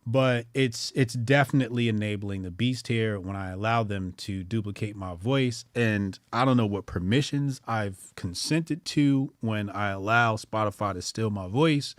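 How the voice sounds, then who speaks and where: A man hosting a casual livestream commentary, slangy and profane, talking to his chat and swinging between loud excitement and low mumbling. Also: normal speed, hardly any pauses, no echo, clean studio sound. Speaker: streamer and news commentary host.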